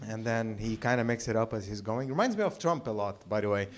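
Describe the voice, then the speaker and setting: A man from the Middle East doing a stand-up set at a small open mic, halting and dry, full of filler words. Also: fairly low pitch, a little hiss or hum. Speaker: stand-up comedian. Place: small live comedy venue.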